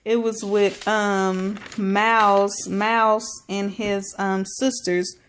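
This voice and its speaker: A woman's voice: medium pitch, flat delivery, slow pace, a little hiss or hum. A woman recapping a reality show in a casual, slangy vlog, with many fillers. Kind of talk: casual chat.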